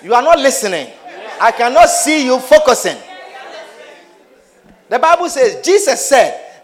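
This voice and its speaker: A man's voice: extremely high pitch, sing-song, measured pace, long pauses, a faint crowd. A man preaching a sermon, calling out to his congregation with questions and playful teasing.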